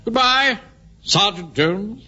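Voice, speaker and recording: A pompous blustering bank manager. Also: male voice, high-pitched, expressive, takes it slowly, sharp tone, heavily acted. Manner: pompous, self-important and blustering. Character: pompous middle-aged male bank manager and platoon captain. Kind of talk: 1970s radio sitcom acting. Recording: hissy, dull old radio recording.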